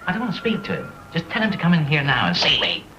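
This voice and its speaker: An actor playing an impatient office manager who talks curtly and irritably in a 1970s film drama. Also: male voice, fairly high pitch, huge pitch swings, fast talker, roomy sound, dull audio, very noisy. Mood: irritable. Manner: curt, irritable.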